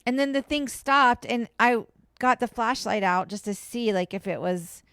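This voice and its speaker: A woman co-hosts a home podcast with a slightly high, smooth, clear voice. She chats animatedly and pads her sentences with fillers. The sound is dry and close. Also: moderate pace, dry recording. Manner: chatty, animated, lots of fillers. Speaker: podcast co-host. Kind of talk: casual chat. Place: home, indoors.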